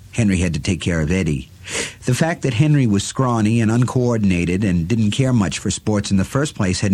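Male audiobook narrator, lower register, steady and deliberate delivery. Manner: measured, deliberate storytelling.

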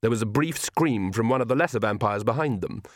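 A man narrating an audiobook with expressive, lively storytelling. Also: medium pitch, fairly quick, no echo, studio quality. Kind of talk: scripted narration.

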